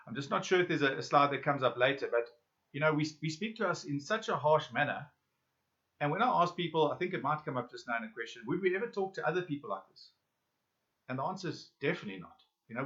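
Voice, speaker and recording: A man leading a self-help workshop, speaking straight to his listeners with questions and pauses. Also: medium pitch, fairly bright tone. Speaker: workshop facilitator. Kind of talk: guided self-help lesson. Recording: dull lo-fi audio.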